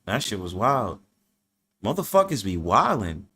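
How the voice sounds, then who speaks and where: A man's voice: on the low side, big pitch swings, measured pace, background noise. A man hosting a casual panel chat, boisterous and profane, laughing often and acting out the voices he quotes. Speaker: host of a live panel stream.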